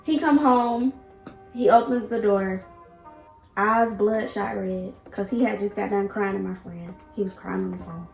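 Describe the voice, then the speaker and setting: Young woman, vlogger, storytime, candid, emotional, talks to viewers, raspy fry, faint music behind. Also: medium pitch, steady tone, unhurried, roomy sound. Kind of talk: personal storytime.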